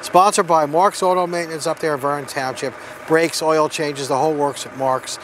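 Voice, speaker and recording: A man's voice: on the high side, fairly even intonation, normal speed, a bit bright, slight background noise. Joking man hosting a sports segment. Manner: jokey, bantering. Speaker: radio sports show host. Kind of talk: radio show banter.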